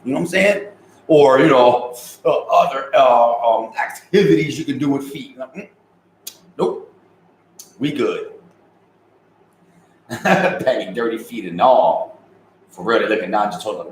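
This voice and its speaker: A man's voice: mid-range voice, normal speed, reverberant, a little hiss or hum, poor audio. A man in his thirties chatting casually on a livestream, reading viewer comments and joking in loose, profane street slang. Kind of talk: casual live-stream chat.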